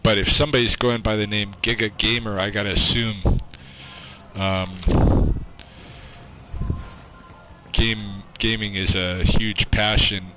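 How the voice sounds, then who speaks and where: A man's voice: deep voice, low-quality recording. A man chatting with his viewers on a livestream into his own microphone, rambling and self-deprecating, with lots of fillers and casual swearing. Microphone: own microphone close up. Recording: clear background noise.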